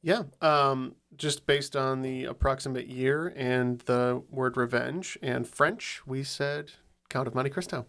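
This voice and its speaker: A man competing on a trivia podcast, reasoning aloud in a measured way. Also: medium pitch, a bit bright. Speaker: quiz contestant. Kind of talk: casual game show chat.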